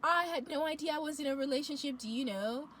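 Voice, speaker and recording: A woman, telling a dating story to camera in a lively, slangy, dramatic way. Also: high-pitched, very noisy. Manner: animated, slangy, dramatic retelling. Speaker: vlogger. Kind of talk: storytime monologue.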